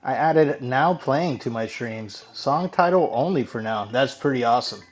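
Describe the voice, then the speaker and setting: Male game streamer, loose and chatty, mid-pitched voice, muffled home mic with faint music under it. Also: animated. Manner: chatty, casual swearing, quick laughs. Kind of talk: casual live gameplay chat.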